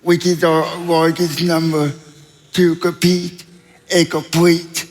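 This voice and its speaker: Young male guest, slow and halting, fairly high pitched, recorded in an echoing hall. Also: flat delivery. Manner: slow, halting delivery with many pauses. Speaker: interview guest, athlete. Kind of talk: onstage interview. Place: large church auditorium. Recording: reverberant hall.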